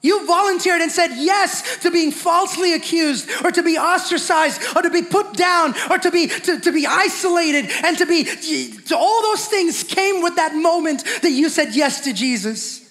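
A man's voice: very high-pitched, normal speed, hardly any pauses, fairly bright tone. A man preaching a sermon with fervent repetition, often asking the congregation questions. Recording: long hall reverb.

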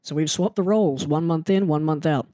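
A man telling a story in a casual, animated and self-mocking way, often jumping into an excited higher voice. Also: brisk, no echo, clean studio sound. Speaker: storyteller recounting his wrestling start.

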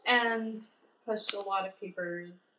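A woman in a casual chat about a film, adding points and agreeing in a relaxed, chatty way. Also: mid-range voice, takes it slowly, slight background noise, low-quality recording. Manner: chatty, agreeing, adds points with many fillers.

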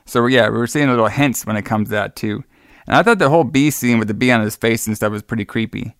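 A man with a gravelly, creaky edge recaps a movie in a rambling, easygoing chat, laughing and swearing as he goes. His voice sounds dry and close to the mic, with no room around it. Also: medium pitch, quick pace, dry recording. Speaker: podcast co-host.

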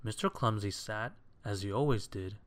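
A man reading a children's story aloud in a measured, expressive way. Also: fairly low pitch.

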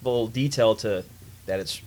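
A man's voice: on the low side, brisk, a little mellow. A man in casual chat, adding details about a movie's scenes and talking over his friends.

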